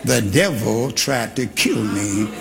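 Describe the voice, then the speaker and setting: An older man preaching a sermon, telling a story and shouting to a congregation in call-and-response. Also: lowish voice, animated, slow pace, creaky, music in the background. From Texas. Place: church hall. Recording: live in a reverberant church with congregation.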